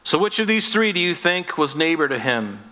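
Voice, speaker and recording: A man's voice: fairly high pitch, very animated, normal speed, pushed and bright. A man preaching a sermon as pastor, earnest and conversational, acting out little voices as he tells the story. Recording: long reverb of a hall.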